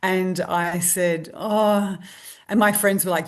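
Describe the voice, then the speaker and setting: Lively Australian woman telling a story. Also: lowish voice, takes it slowly. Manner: lively anecdotal, acts out quoted voices. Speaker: guest, stress researcher. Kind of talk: storytelling interview.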